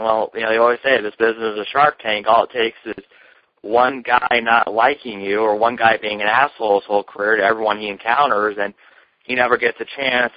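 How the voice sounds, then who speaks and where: A man rattles off blunt, crude opinions at a fast clip as a podcast co-host. The sound is dull and lo-fi, and it is bone dry. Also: lowish voice, no echo. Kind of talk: casual wrestling talk show chat.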